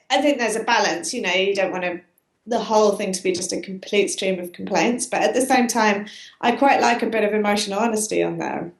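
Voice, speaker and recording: A British woman talks through her ideas as an interview guest, wry and chatty, often pausing on "you know". Her voice sits at an ordinary middle pitch. The room gives her a noticeable echo. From Britain. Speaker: guest author. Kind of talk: conversational interview. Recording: roomy echo.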